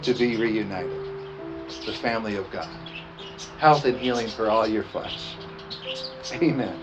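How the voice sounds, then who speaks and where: Pastor preaching over background music. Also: male voice, fairly low pitch. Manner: reads scripture aloud and has the congregation repeat lines; emphatic, slows down on key phrases. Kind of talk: sermon during communion. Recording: dull lo-fi sound with music behind. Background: music playing.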